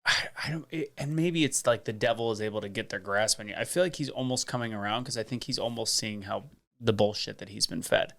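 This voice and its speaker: A man's voice: on the low side, fast talker, creaky, fairly bright tone. A man chatting as a podcast guest in a blunt, profane, opinionated way. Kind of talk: casual podcast chat.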